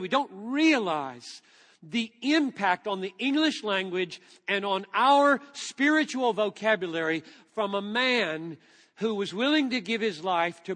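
A man preaching a sermon, earnest and reverent, reading scripture slowly with emphasis. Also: high-pitched, fairly bright tone, big-room sound. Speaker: pastor.

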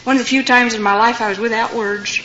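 A woman's voice: fairly high pitch, fairly even intonation, quick pace, pushed and bright. An older woman giving a personal testimony to an audience, telling stories and acting out the voices of the people in them. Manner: storytelling, acting out quoted voices. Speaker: speaker giving her testimony. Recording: dull lo-fi recording with faint noise.

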